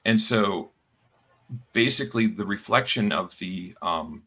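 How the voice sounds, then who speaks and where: Male podcast co-host, lowish bright voice, halting casual delivery. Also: breathy edge. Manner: halting, many fillers and restarts. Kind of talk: casual chat.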